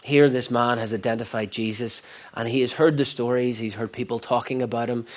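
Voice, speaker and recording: A man's voice: mid-range voice, steady tone, fairly quick. A man preaching a sermon earnestly, repeating phrases for emphasis and often restarting mid-sentence. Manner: many restarts and stumbles.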